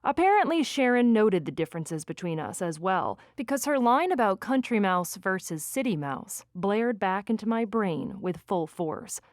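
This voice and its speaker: A woman reading a first-person romance audiobook with lively, expressive delivery on a close studio mic. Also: mid-range voice, moderate pace, hardly any pauses, no room sound. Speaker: audiobook narrator.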